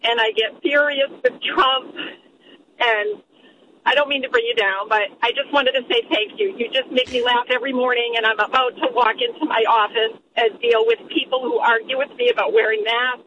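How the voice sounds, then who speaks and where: A woman calling in to a radio show, heated and halting, repeating herself as she talks. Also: fairly high pitch, fairly bright tone, highs cut off, slight background noise. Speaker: caller, healthcare worker. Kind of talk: phone-in call.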